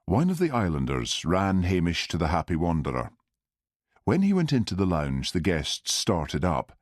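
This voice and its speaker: A man reading an audiobook in steady, measured scripted narration. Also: sits low, no room sound, studio quality.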